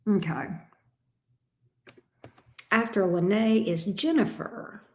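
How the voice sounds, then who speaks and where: A woman's voice: medium pitch, drawn-out words, a little mellow. A woman reading tarot on a live stream, chatty and emphatic, repeating each question aloud as she shuffles. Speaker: tarot reader. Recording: roomy echo.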